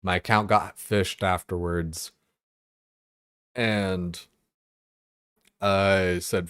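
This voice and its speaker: A young male streamer vents in a casual, profane rant that keeps circling back on itself. His voice sits a little low, and the sound is close and dry with no room around it. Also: steady tone, drawn-out words, pauses often, fairly bright tone, clear, resonant tone, dry recording. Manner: profane, exasperated ranting with filler words. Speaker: gaming streamer.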